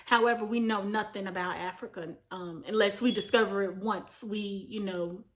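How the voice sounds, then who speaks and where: A woman's voice: medium pitch, fairly even intonation, normal speed. A young woman from the United States talking earnestly to camera in a vlog, explaining at length with frequent fillers. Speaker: vlogger. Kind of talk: casual talk to camera, reading from notes.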